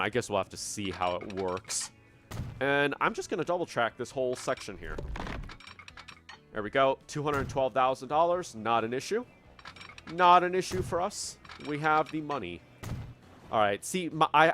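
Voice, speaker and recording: A man's voice: medium pitch, a bit bright. A man giving casual commentary on his own train-building game, thinking aloud and puzzling over problems as he plays. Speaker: gameplay commentator. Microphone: studio dynamic microphone.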